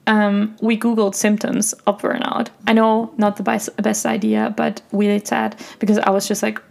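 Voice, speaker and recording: A young woman hosting her own podcast, talking reflectively and softly in a personal monologue, with many fillers like "like". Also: mid-range voice, little pitch movement, moderate pace, vocal fry. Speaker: podcast host.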